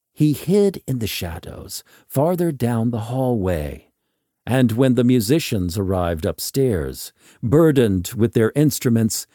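A man narrating a story in a slow, measured and expressive way. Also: mid-range voice, dry recording, clean studio sound.

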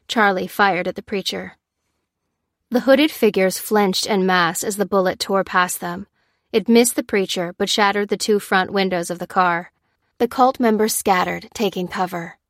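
A woman narrates an action audiobook with steady, tense storytelling. Her pitch sits mid-range. The recording is close and dry. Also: no echo. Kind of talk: scripted narration.

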